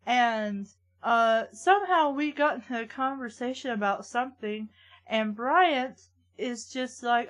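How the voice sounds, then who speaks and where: A high-pitched woman hosts a casual interview. She tells stories in a lively, rambling way, circling back as she goes. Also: unhurried. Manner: animated, rambling anecdote-telling. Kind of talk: casual chat.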